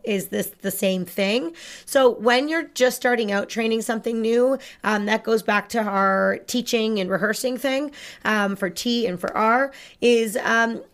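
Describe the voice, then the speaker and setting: Upbeat woman dog trainer explaining. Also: medium pitch. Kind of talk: instructional podcast chat.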